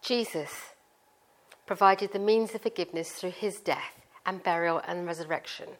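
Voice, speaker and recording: A woman's voice: on the low side, moderate pace. Chatty middle-aged British woman preaching. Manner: chatty, informal, explains with family stories. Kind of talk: conversational sermon.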